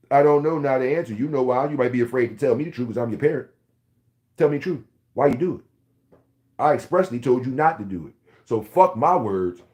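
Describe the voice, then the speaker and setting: Profane ranting man in his forties. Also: medium pitch. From Philadelphia, USA. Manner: loud, profane, heated, rambling storyteller. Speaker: vlogger. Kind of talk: profane comedic rant to camera.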